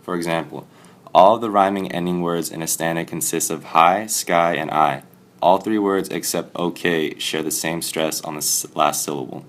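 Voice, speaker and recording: A man reading a poem aloud and then presenting a poetry analysis for class in a plain, steady way. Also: low-pitched, normal speed.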